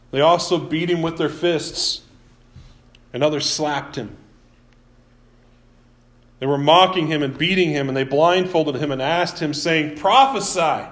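A man preaching a sermon, retelling a Bible story with casual asides and acted-out quotes. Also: on the high side. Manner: lively storytelling, acting out biblical quotes.

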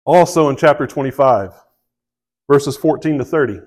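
A pastor preaches conversationally in a medium-pitched, slightly mellow voice at normal speed, often checking in with his listeners. He reads scripture aloud with rising emphasis, and the audio is poor.

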